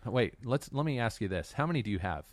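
A man's voice: medium pitch, sing-song, quick pace, no echo. A man hosting a casual chat, putting questions to his co-hosts and laughing often. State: out of breath.

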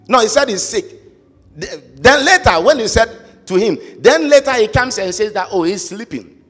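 A man preaching a sermon, emphatic and sing-song, rising to shouts and asking the congregation to repeat phrases. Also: high voice, lively intonation, moderate pace, slightly rough. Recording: reverberant hall with faint music.

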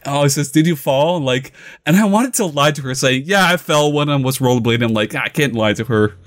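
A young man casually telling a funny personal story, laughing often and acting out his own yelling. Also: a little high, expressive, brisk.

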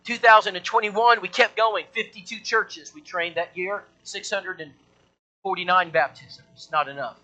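A man's voice: sits high, fairly even intonation, moderate pace, sharp tone, lo-fi sound. A male preacher delivering a sermon in an emphatic, repetitive, rallying way.

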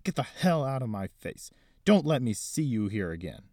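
A man's voice: mid-range voice, big pitch swings, moderate pace, darkish tone, dry recording, studio quality. Man voicing a growling, brutal old bully. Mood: angry. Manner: growling, contemptuous. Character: drunk, violent older man, domineering.

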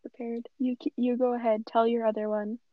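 Teen girl listener, somewhat high voice, short reactive comments; lo-fi audio with faint hiss. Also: little pitch movement, brisk. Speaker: friend listening. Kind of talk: casual chat. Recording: dull lo-fi recording with faint noise.

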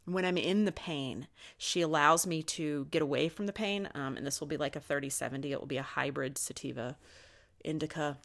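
A woman with a low-pitched voice hosts a confessional spiritual podcast on her own. She is middle-aged, candid and unfiltered, and swears freely. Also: steady tone, fairly quick, vocal fry, a bit bright. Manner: candid, swears often, talks openly about her feelings. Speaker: podcast host.

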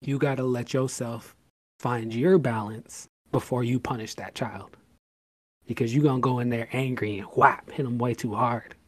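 A man at a mid pitch co-hosting a laid-back podcast, talking through his points in long stretches. He drives each point home with emphasis and acts out short bits of scolding. The recording sounds dry and close, with little room sound. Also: fairly even intonation, normal speed, no echo. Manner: explains at length with hypothetical examples. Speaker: podcast co-host. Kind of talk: casual podcast chat.

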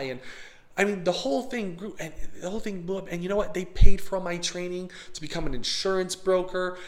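A man telling a personal career story as an emphatic, animated monologue, acting out the people in it. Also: high voice, brisk. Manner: animated, emphatic, quotes others in his story.

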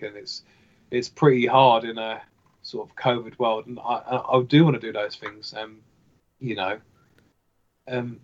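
A man's voice: medium pitch, muffled recording. A man talking as a guest in casual chat. He speaks hesitantly, with many fillers and restarts. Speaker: podcast guest.

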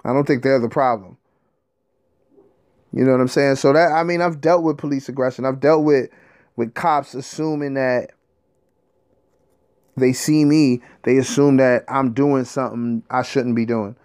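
Brief: male storyteller, mid-range voice, loose and animated, swears freely, streetwise slang. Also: medium pitch, normal speed, long pauses, clear, resonant tone. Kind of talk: casual monologue.

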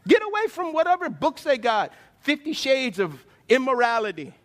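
High-voiced, animated male pastor preaching. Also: normal speed. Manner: animated, conversational, asks the crowd questions. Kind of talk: sermon.

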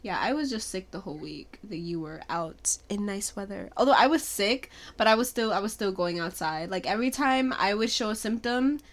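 A woman's voice: mid-range voice, moderate pace, hardly any pauses. Teasing woman with a stuffy nose. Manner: teasing, animated reactions. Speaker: podcast co-host. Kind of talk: casual chat.

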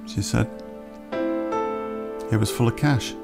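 A man telling a personal story on a podcast in a plain-spoken, unhurried way with pauses. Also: medium pitch, gravelly, over music.

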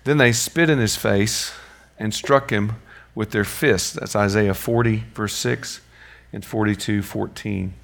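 Male Bible teacher, low and gravelly; conversational classroom lesson with rhetorical questions. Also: a little slow, fairly bright tone.

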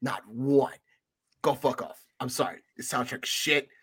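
A man's voice: mid-range voice, a little slow, fairly bright tone, slightly rough, no room sound, studio quality. A man co-hosting a casual film review podcast, ranting in a profane, exasperated way. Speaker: podcast co-host.

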